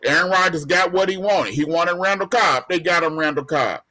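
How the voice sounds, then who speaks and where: A fairly high, bright male voice with a forceful tone argues football at a moderate pace on a sports talk show. The debate is heated; he talks emphatically and colloquially and frequently repeats himself.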